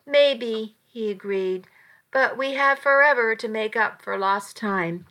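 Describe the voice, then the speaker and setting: A woman narrating a romance story in a soft, intimate reading voice. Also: medium pitch, unhurried.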